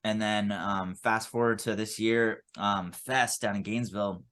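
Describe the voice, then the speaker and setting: A man around thirty, from Lancaster, telling stories about his band in a relaxed, casual way as an interview guest. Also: lowish voice, moderate pace. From Lancaster, Pennsylvania. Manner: laid-back storytelling, casual swearing.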